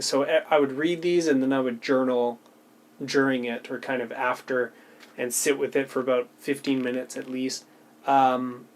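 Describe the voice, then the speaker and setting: Man, casual reflective talk to camera, halting, thoughtful, frequent restarts. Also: mid-range voice. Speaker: video creator sharing a personal practice.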